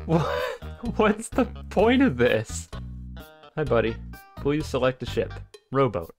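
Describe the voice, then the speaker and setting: A man's voice: medium pitch, sing-song, slow pace, long pauses, soft background music. Sarcastic man commenting on gameplay. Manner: dry sarcastic, mocking, muttering asides. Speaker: gaming YouTuber.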